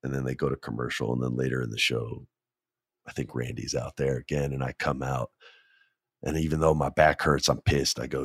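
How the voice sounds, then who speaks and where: A man telling a casual anecdote as a guest, animated, acting out what people said and laughing often. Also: rumbling low, fairly quick, breathy edge, no room sound, studio quality.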